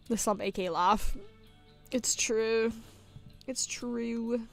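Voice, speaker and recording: A young woman streaming while she draws. She talks slowly and unhurriedly in a fairly high voice, playful and giggly, sometimes cooing in a baby voice. Soft music plays faintly behind her. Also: creaky. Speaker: livestreamer. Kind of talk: casual live-stream chat while drawing.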